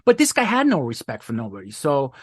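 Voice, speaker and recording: A man's voice: medium pitch, wildly swooping pitch, a little fast, dry recording, studio quality. A middle-aged man, a podcast guest, telling a story in a rambling, profane way with many restarts. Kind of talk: casual storytelling.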